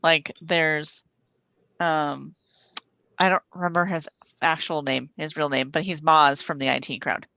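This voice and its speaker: Podcast co-host, casual and agreeable, bright tone with some rasp. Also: medium pitch, little pitch movement, a little slow, no echo. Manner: agreeable, chatty.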